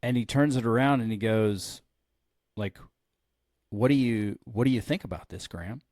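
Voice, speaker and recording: A man's voice: mid-range voice, normal speed, no echo, clean studio sound. A man who is a pastor and podcast host, telling a story in casual chat and acting out the lines of the people in it. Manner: animated storyteller who acts out quoted lines.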